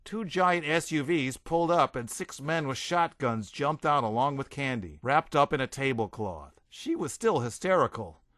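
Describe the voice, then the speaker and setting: A man reading a comic audiobook in a wry storytelling voice. His tone is bright and forceful with a lively pitch, recorded close and dry. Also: normal speed, few pauses, dry recording. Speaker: audiobook reader. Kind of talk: comedic audiobook narration.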